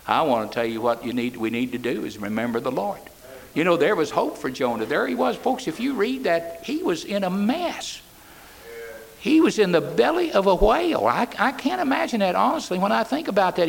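A man delivering a sermon in a high, gravelly voice. His pitch leaps up and down as he swings from ringing cries to near-whispered lines. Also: very animated, moderate pace. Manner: preaching with sudden swings from loud to soft. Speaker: preacher.

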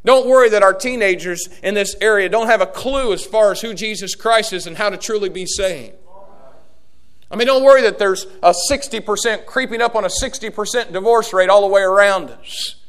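High-pitched guy preaching a sermon, goes quiet then way loud, shouting at the congregation. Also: a little fast.

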